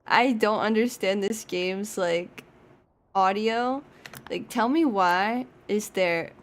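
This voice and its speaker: A woman's voice: medium pitch, slow. A young woman streaming a game, chatting casually, swearing, laughing and yelping when startled. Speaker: VTuber streamer. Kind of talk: casual gaming stream chat.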